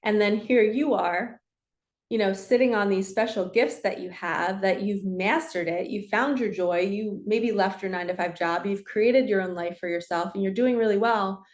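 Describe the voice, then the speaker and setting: A woman's voice: mid-range voice, moderate pace. A middle-aged woman giving a casual, heartfelt spiritual talk as host of her channel, speaking earnestly and confidingly. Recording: echoey room.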